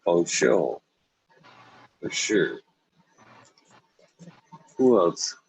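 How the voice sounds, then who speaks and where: Man, podcast host, slow drawl, husky, casual late-night chat, laid-back, swears a lot. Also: sits low, big pitch swings, poor audio. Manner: laid-back, swears freely, slips into mocking voices while laughing.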